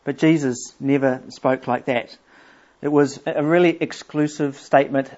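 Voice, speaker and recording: A middle-aged man preaching a sermon, explaining scripture earnestly and reading verses aloud slowly. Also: medium pitch, fairly even intonation, darkish tone. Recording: dull lo-fi church recording.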